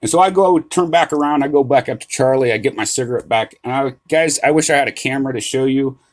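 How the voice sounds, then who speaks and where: A middle-aged man vlogging about card collecting, telling a story in a casual, animated way with restarts, swearing and a lot of "right?". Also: mid-range voice, fast talker.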